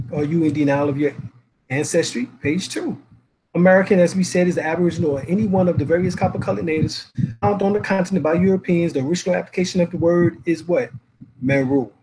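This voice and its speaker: A man with a high-pitched voice delivers a lecture, citing dictionaries and spelling out words letter by letter. He talks emphatically and poses rhetorical questions to his listeners. A faint ambient hum sits behind him. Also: darkish tone, poor audio. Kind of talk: reading and explaining references.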